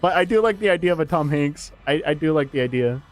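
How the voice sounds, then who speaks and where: A man's voice: a little high, animated, quick pace. A man streaming a horror game, chatting casually with viewers, swearing and laughing often and jumping into silly voices. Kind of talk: casual gaming stream chat.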